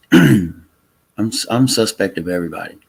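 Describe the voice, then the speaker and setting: A man from Louisiana hosting a casual livestream chat, talking in a halting way with many fillers and restarts. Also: lowish voice, animated, vocal fry, breathy edge. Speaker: livestream host. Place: Texas home.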